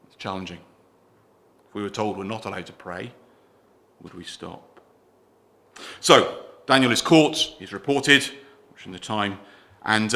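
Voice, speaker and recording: In a church, a male preacher delivers a sermon in a bright, forceful voice at a middle pitch for a man. He speaks earnestly, asks the congregation questions, and often lets his lines trail off more softly at the end.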